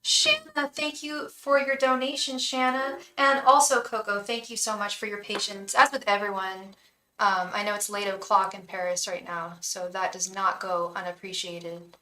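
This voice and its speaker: A woman's voice: medium pitch, level tone, moderate pace, sharp tone, far from the mic, slight background noise. A woman reading tarot on a live stream, chatting with viewers, thanking donors by name and chanting invocations to spirit guides.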